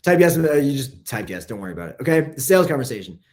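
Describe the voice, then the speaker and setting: A man's voice: medium pitch, big pitch swings, darkish tone. A man coaching copywriting in a casual, profane live lesson. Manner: casual, profane, fast-talking.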